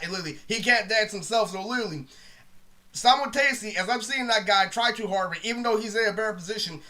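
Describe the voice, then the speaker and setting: A young man telling a rambling, profane storytime monologue, saying "literally" constantly and dropping his voice low to quote other people. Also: fast, pushed and bright. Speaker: storyteller vlogger.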